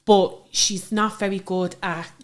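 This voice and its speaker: A woman in her thirties with an Irish accent, telling stories about her daughter in a chatty, animated way. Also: mid-range voice, unhurried. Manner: chatty, animated storytelling with frequent fillers. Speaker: interview guest, mother. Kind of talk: casual conversational interview.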